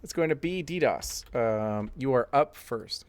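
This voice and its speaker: A man's voice: medium pitch, lively intonation, unhurried, clean tone. A man narrating as game master of a tabletop game, loose and chatty with many fillers.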